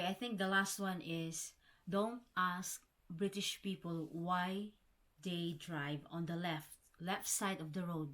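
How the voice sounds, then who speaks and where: A woman from the Philippines chatting casually to camera as a vlogger, calling her viewers guys and often restarting words. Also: on the low side. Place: home in the Scottish Highlands.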